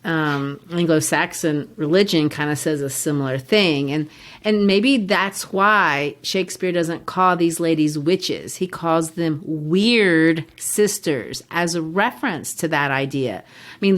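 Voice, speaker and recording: Lower-voiced woman explaining poetry. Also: a little slow. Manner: explanatory, teacherly, taps out rhythms aloud. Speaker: podcast co-host. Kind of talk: casual literature discussion.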